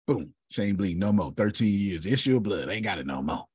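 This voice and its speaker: A man's voice: on the low side, lively intonation, normal speed, few pauses, a little mellow, slightly rough, no room sound, studio quality. A man telling a story in a preaching style, dramatic, repeating a refrain and calling on listeners by name. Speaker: speaker.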